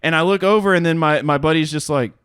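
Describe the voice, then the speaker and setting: A man's voice: a little high, quick pace, clear, resonant tone, dry recording, studio quality. A man in his thirties, co-hosting a podcast, telling a story in casual chat with lots of laughter and acted-out quotes. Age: 30s. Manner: animated, profane, laughs often, acts out quotes. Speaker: podcast co-host.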